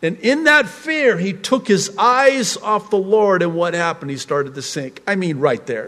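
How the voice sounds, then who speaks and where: A man preaching on a psalm, with humorous asides, laughing mid-sentence and telling stories in a lively way. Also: fairly high pitch, big-room sound. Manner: lively storytelling. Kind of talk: sermon on a psalm.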